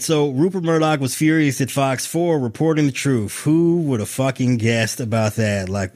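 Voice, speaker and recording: Over a video call, a man co-hosts a podcast, chatting casually about politics in a profane, sarcastic way and laughing often. His voice is mid-range and a little mellow.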